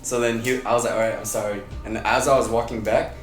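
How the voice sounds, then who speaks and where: A man's voice: mid-range voice, quick pace, roomy sound, soft background music. A young man, a podcast guest, telling childhood stories in casual chat, laughing and swearing as he goes. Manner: animated storyteller, laughing and swearing.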